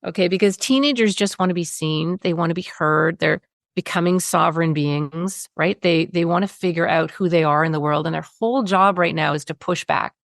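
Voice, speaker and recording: A woman with a slightly low voice tells a parenting story as an interview guest. She talks in an animated way and acts out quotes. The sound is dry and close to the mic. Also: a little fast, gravelly, no echo.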